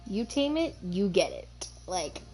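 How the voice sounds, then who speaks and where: A woman streaming a dinosaur survival game, chatting excitedly and talking to her viewers. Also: medium pitch, slow, soft background music. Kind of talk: casual gameplay chat.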